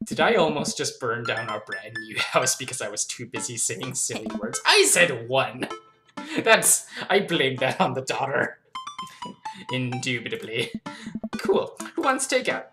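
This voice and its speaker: A young woman playing a story game, reading the dialogue aloud in a playful, giggly way and commenting between lines. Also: extremely low pitch. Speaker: let's play host. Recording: game music under voice.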